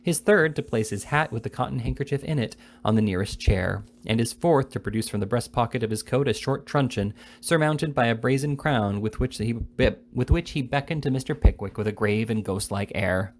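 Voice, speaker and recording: A man reading a classic novel aloud at a steady pace, with occasional slips and restarts. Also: mid-range voice, brisk, hardly any pauses. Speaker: reader.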